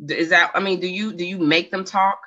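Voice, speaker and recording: A woman's voice: lowish voice, steady tone, a little fast, sharp tone. A woman in her forties hosting a casual livestream, rambling, chatty and questioning herself as she reads viewers' comments. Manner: chatty, rambling, self-questioning, laughs often. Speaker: livestream host reading chat. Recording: dull lo-fi sound.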